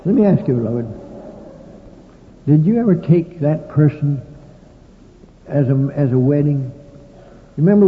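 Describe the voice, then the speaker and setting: Older male preacher, tinny old hall recording. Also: a little high. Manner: folksy storytelling with dry humorous asides. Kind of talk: sermon.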